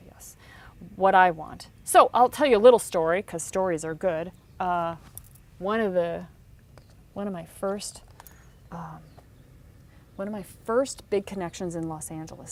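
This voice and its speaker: A woman teaching career advice in casual talk, telling stories with animated delivery and acting out the people she quotes. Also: fairly low pitch, slight background noise. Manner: animated storytelling, acts out quotes.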